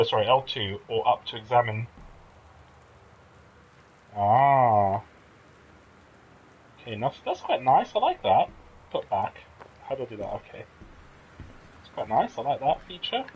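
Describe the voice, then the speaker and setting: A man's voice: mid-range voice, slightly rough, muffled recording. A man casually commenting while he plays and streams a game, thinking aloud and reacting as he explores. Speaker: let's play streamer.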